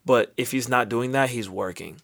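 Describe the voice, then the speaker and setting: A young man in his twenties talks on a podcast, easygoing and thoughtful, building up his stories bit by bit. His voice is of middle pitch and sounds like everyday chat among friends. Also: moderate pace, gravelly. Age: 20s. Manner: relaxed, reflective storytelling. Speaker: podcast co-host.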